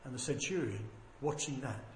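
A man preaching a sermon, swinging between loud proclaiming and quiet, low asides. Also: moderate pace, heavy reverb, slight background noise.

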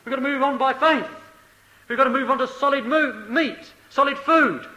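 A man preaching a sermon, swinging between loud emphatic declarations and low, quiet asides. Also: normal speed, low-quality recording.

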